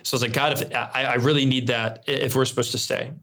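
A man, a pastor telling his story in a relaxed, earnest interview. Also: mid-range voice, fast, creaky. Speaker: lead pastor, guest. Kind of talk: conversational interview.

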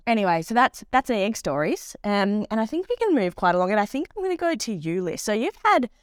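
A woman co-hosting a podcast, telling an embarrassing travel story in a lively, animated way and acting out the people in it. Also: mid-range voice, fast talker, clean tone, dry recording. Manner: animated storyteller, acts out voices in anecdotes. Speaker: podcast co-host. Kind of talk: casual chat.

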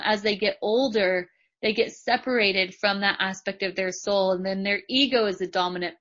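On a dull, lo-fi recording, a podcast host and business coach delivers a spiritual, motivational talk, repeating phrases to drive them home. Her voice is medium in pitch and a bit bright.

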